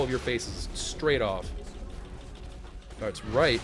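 A man giving casual, goofy commentary on his own gameplay as a channel host, often breaking into sudden high yelps and shouts. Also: expressive, normal speed, faint music behind.

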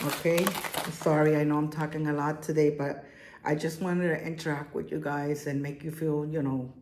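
A woman's voice: low voice, darkish tone. A middle-aged woman with a strong accent, chatting casually and enthusiastically as she shows jewelry in her home garage. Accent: strong non-native accent. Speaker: jewelry vlogger. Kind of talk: casual haul vlog. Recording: echoey room, faint noise.

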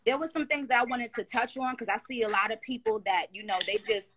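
A woman with a bright, ringing voice sits a touch above the usual pitch as she chats on a phone live stream. She talks in an emphatic, slangy way and rambles loosely, circling back with restarts. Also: quick pace, a little hiss or hum. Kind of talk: casual live-stream chat.

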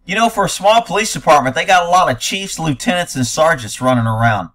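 A man with a slightly raised pitch gives an angry reaction commentary. He is blunt and sarcastic and swears freely, and he talks like a man fed up with what he is watching. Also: lively intonation, quick pace, a bit bright. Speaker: commentator reacting to news footage.

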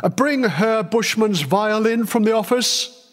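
A man's voice: high-pitched, measured pace, fairly bright tone, pitched above the performer's own voice. A man playing a stern, weary army major. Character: stern middle-aged male army major. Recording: long reverb.

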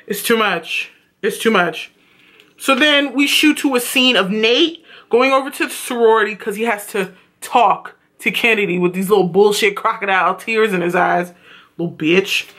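Blunt, bright-voiced woman vlogger. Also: mid-range voice, a little slow. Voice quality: flat tone that sounds sarcastic. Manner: blunt and profane, animated retelling. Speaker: TV episode reviewer. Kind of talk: casual vlog review.

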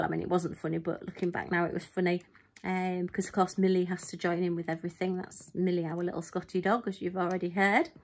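A middle-aged woman talks casually to her viewers, rambling through a story with ums and side remarks. Her voice sits low and stays fairly even, without much rise and fall. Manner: chatty storytelling with frequent ums and asides. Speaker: crafting channel host. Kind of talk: casual chat to camera.

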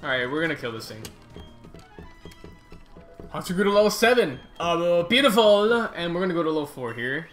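A man gives loose, chatty gameplay commentary as the host of his gaming channel, easily excited and quick to groan or curse at the game. His voice is fairly high, with faint music in the background.

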